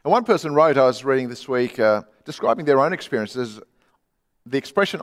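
A middle-aged man preaching a sermon, conversational, dropping from loud to hushed for emphasis. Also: medium pitch, animated, brisk, long reverb tail. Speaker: pastor. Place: church.

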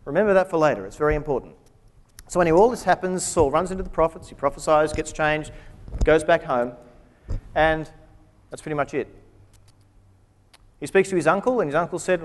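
A man's voice: fairly high pitch, quick pace. A man preaching a humorous sermon, retelling scripture with wry joking asides. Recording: long hall reverb.

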